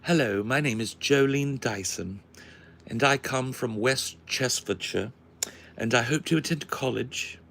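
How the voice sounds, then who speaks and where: A man's voice: mid-range voice, unhurried, creaky, a bit bright, slight background noise, pitched above the performer's own voice. A man doing a prim, over-enunciated posh British voice while joking.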